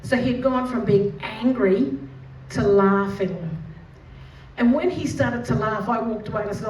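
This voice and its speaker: An Australian woman, an educator and mother, telling a personal story in a lively, vivid storytelling manner. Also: a little high, normal speed. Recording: roomy, distant mic with faint noise.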